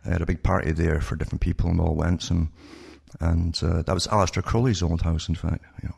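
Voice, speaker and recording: A man's voice: sits low, little pitch movement, a little fast, creaky, darkish tone, husky. An older man, a radio guest, telling stories from his past in a knowing, matter-of-fact way. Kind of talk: conversational radio interview.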